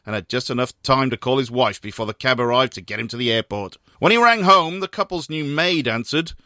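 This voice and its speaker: A man hosting a sports radio show, casually chatting and reading out long jokes with animated voiced quotes. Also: medium pitch, fairly quick, no room sound, clean studio sound.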